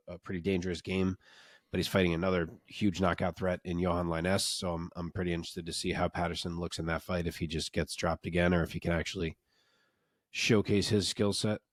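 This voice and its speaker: A man's voice: low voice, no echo, studio quality. A man co-hosting a casual sports podcast, analytical and enthusiastic, often restarting his sentences.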